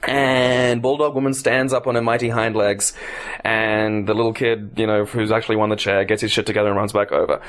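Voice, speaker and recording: A man on a podcast telling a long, profane story in a casual, animated way. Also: fairly low pitch, fairly quick, smooth. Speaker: podcast co-host.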